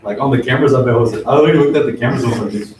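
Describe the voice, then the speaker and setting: A man's voice: mid-range voice, racing, a little mellow. A young man chatting casually at his workplace, telling a story in slangy, profane talk. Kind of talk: casual chat. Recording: echoey, far-off mic, background noise.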